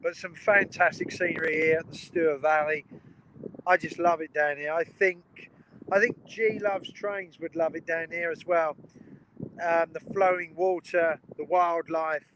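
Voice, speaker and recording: Male live streamer outdoors by the tracks, high and chatty, faint wind behind. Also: steady tone, unhurried, a bit bright, low-quality recording. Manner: chatty and enthusiastic, greets viewers by name. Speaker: train spotting live streamer. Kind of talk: casual live-stream commentary. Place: outdoors beside a railway line by a river.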